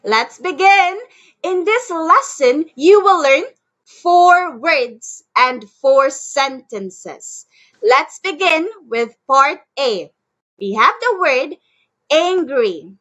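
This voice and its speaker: Speaking very slowly with lively intonation, this woman's voice sits high and comes across a bit bright, though the sound is lo-fi. She's an online English tutor running a one-to-one video-call lesson, having the student repeat words and praising each reply. A headset or computer microphone picks her up.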